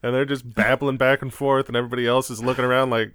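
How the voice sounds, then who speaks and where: A man co-hosting a casual chat show, easygoing and sharing measured opinions. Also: medium pitch, little pitch movement, a bit bright, clean tone. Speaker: podcast co-host.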